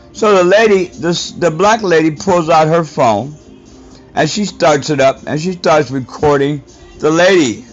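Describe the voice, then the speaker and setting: A man delivering an indignant, profane rant as a podcast host, scolding his listeners. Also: fairly high pitch. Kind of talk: ranting monologue. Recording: dull lo-fi audio with faint music.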